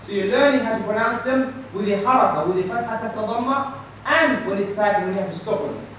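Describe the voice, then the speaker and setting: A high-voiced man teaches a class, calling out sounds and waiting for students to echo them back. His voice rings through an echoey room, picked up from a distance, with the murmur of a group around him. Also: fast, fairly bright tone. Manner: patient, drills students call and response. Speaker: Quran teacher. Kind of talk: classroom tajweed lesson. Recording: echoey room from far off, crowd noise.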